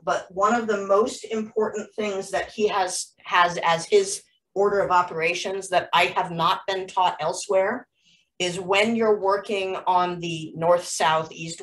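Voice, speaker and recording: A woman's voice: fairly low pitch, fairly even intonation, unhurried, a bit bright, recorded from a distance, poor audio. A woman teaching a jewelry-making class over a video call, explaining chattily with frequent ums and restarts. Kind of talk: live online class instruction.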